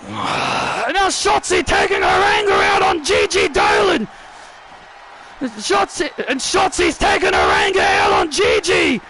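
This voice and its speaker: A man giving excited play-by-play commentary on a wrestling video game, often repeating and restarting his phrases. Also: extremely high pitch, slow pace, over a noisy crowd, heavy background noise. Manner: repeats and restarts phrases, shouts at big moments.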